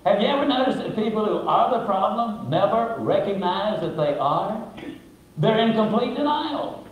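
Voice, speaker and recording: A man's voice: sits high, animated, normal speed, narrow, tinny audio. A man giving a motivational talk, telling a story in a folksy, emphatic, humorous way, in a very echoey recording played in a church. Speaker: motivational speaker. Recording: very echoey video played in a hall.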